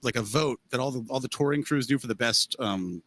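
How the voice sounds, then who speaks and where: A man's voice: mid-range voice, brisk, fairly bright tone. A man, a touring drummer, chatting as a podcast guest in a laid-back way, swearing often and using many fillers. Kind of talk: casual chat.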